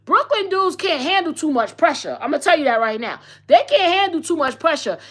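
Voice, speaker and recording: A woman's voice: high voice, expressive, brisk, a bit bright. A woman in her forties hosting a podcast, giving blunt, sassy, slang-filled gossip commentary in a casual chat. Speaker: podcast host.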